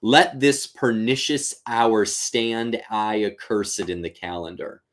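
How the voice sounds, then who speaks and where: A man's voice: fairly low pitch, fairly even intonation, fairly bright tone. A man reading as Macbeth, grim tyrant king. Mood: grim, vengeful. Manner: slow, declaiming verse. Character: ruthless scheming male tyrant king.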